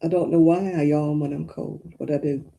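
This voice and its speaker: A woman with a deep, warm voice and some vocal fry talks briskly in a steady tone. She's a craft live-stream host, chatting with her viewers in a casual, homely way while she crochets, rambling and yawning often.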